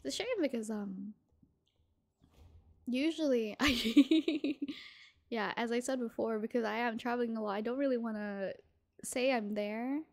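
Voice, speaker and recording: A young woman streaming a game, chatting casually and brightly with her chat, greeting viewers by name and giggling often. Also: fairly high pitch, fairly quick, gravelly. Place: small room with thin walls, indoors.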